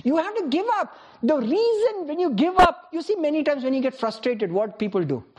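A woman's voice: sits high, big pitch swings, fairly quick, noisy background. A woman preaching a sermon, firing rhetorical questions at the congregation, calling on people by name and laughing often between points.

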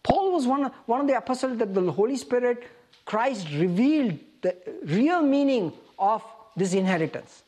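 A woman's voice: fairly high pitch, animated, normal speed, a little mellow. A woman preaching a sermon, reading scripture aloud and asking the congregation questions.

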